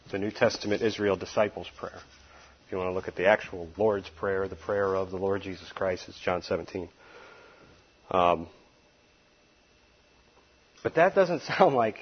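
Expository Bible teaching from a man whose voice is fairly low and husky, with the highs cut off. He preaches emphatically in a folksy style, adding wry asides and at times laughing at his own remarks.

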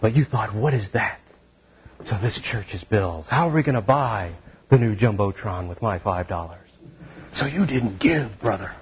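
A man's voice: on the low side, expressive, a little slow, a little hiss or hum. A man mimicking a fired-up male preacher who scolds his congregation with guilt trips, heard on a dull lo-fi recording. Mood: scolding.

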